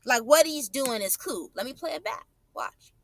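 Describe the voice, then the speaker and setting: A woman's voice: sits high, animated, normal speed, gravelly, fairly bright tone, slight background noise. A woman vlogger angrily commenting over her own clips, profane and repeating herself for emphasis. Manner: indignant, profane, repeats phrases.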